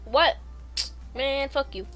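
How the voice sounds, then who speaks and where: A woman streaming games as a vtuber, giggling and breaking into loud, chaotic outbursts. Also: sits high, slow pace, soft background music. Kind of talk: casual game stream chatter.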